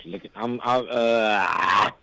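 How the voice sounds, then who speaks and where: A man's voice: lowish voice, slow pace, vocal fry, sharp tone, rough recording. A man calling in to a live radio show, stammering and swearing as he asks his question. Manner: stammering, profane. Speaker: caller.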